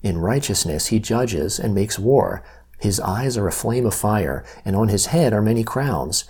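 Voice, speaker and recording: Male Bible reader, husky and mellow, measured scripture reading. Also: lowish voice. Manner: measured, even-paced reading with slow emphasis on key phrases.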